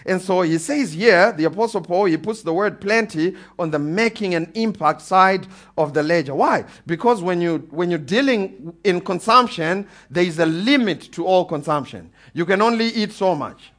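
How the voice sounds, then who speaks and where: A man preaching a sermon to a congregation, animated, calling for amens and building to emphatic peaks. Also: sits high. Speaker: pastor.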